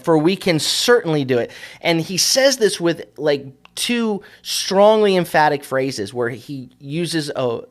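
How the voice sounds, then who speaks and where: Rabbi explaining scripture. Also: male voice, on the high side. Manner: explanatory, with fillers and restarts. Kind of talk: Bible teaching.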